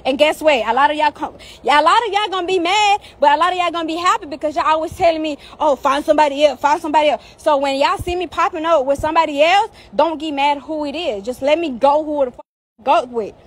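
High-voiced woman in a profane, heated rant. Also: quick pace. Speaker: social media personality. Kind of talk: angry rant to followers. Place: outdoors.

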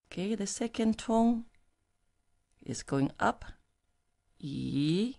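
A woman whose first language is Mandarin Chinese teaches pinyin, pronouncing each syllable slowly and clearly. Her pitch swings widely as she demonstrates the tones, and her voice has a gravelly edge. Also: very animated, a little mellow. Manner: slow, clearly modelled syllables. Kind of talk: language lesson with tone drills.

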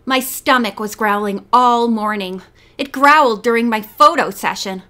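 A woman's voice: fairly high pitch, normal speed, bright, forceful tone. A woman voicing an anxious, chatty teenage girl model in an audiobook, with a plaintive, protesting way of talking.

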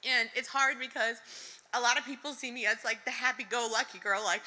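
Bright, nervous young woman giving testimony. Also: on the high side, brisk. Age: young adult. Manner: nervous, giggly, lots of fillers and "like". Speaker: church member sharing a testimony. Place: church service before a congregation.

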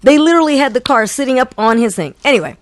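A woman co-hosting a casual talk show, telling an animated story and acting out the people in it. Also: sits high, fast, no echo. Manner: animated, acts out quotes. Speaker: co-host.

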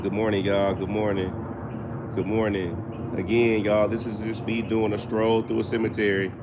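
A man hosting a casual live stream while walking through a cemetery, chatting with viewers and giving them shout-outs, recorded outdoors on a handheld phone. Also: fairly low pitch, flat delivery, normal speed, background noise. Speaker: paranormal show host, live streamer. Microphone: handheld phone camera.

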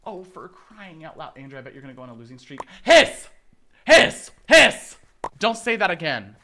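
Brief: young male game streamer with a highish bright voice, excitable and teasing. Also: quick pace. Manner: excitable, dramatic reactions and playful teasing of chat. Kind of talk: casual gaming stream chatter.

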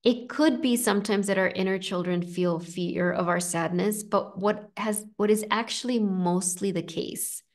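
A woman coach leading a live online session, talking gently and reassuringly, with frequent fillers and restarts. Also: lowish voice, creaky. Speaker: inner child coach. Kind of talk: live coaching session, reading chat comments.

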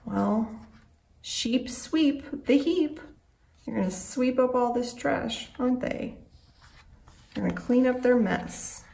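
A woman reading a picture book to small children speaks in a high, creaky voice, taking it slowly and pausing often. She's a children's librarian, and she gasps frequently, exclaims, and asks the kids questions. The mic sits at a distance in an echoey room, with faint background noise.

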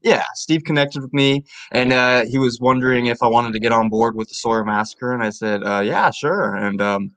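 An easygoing man from Seattle who rambles along in a group video chat, leaning on fillers as he tells a story. His voice is mid-pitched and dry, close to the mic. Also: moderate pace, hardly any pauses, fairly bright tone, no room sound. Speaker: actor.

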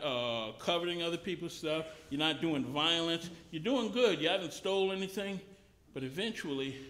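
A man's voice: on the high side, fairly bright tone. A man preaching a sermon at a mission service, conversational and often restarting phrases.

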